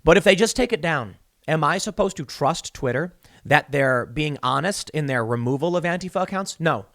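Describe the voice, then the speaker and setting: A man's voice: fairly high pitch, lively intonation, normal speed, a bit bright, no echo, studio quality. A man hosting a podcast, delivering solo political commentary in an emphatic, argumentative way, building long analogies to make his point. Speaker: podcast host.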